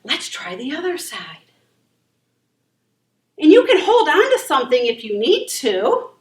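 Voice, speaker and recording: Woman children's yoga instructor, high-pitched and sing-song, unhurried; recorded far off in a reverberant room. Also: wildly swooping pitch. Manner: encouraging, gentle and sing-song. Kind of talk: leading a kids' yoga class. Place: library room.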